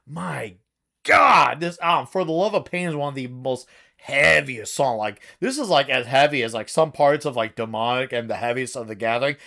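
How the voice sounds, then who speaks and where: Excitable man gushing over metal albums. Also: on the high side, creaky. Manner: excitable and gushing, with outbursts and casual swearing. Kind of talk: casual vlog review.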